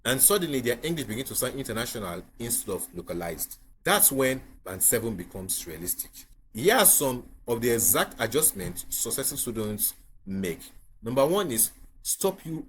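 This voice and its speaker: Teaching IELTS to camera, a man with a Nigerian accent and a medium-pitched, somewhat bright voice hammers home key points through repetition, with slight background noise present. He keeps checking that the viewer is following along.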